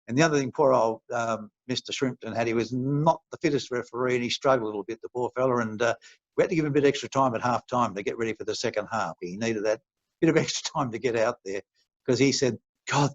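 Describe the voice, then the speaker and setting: An older retired Australian referee talks quickly at medium pitch in a dry, dull recording with no room sound. As an interview guest he tells relaxed stories, chatty and anecdotal, rambling and chuckling with many restarts.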